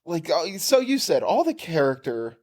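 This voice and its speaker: Casting: male podcast co-host, lively and profane, a bit high-pitched, recorded in a basement. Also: moderate pace. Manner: animated, swearing, acts out quotes. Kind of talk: casual chat.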